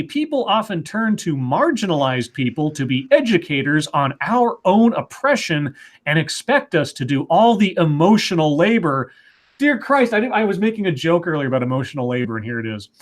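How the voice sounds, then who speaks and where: A man co-hosting a stream, reading an article aloud with sarcastic asides. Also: on the high side.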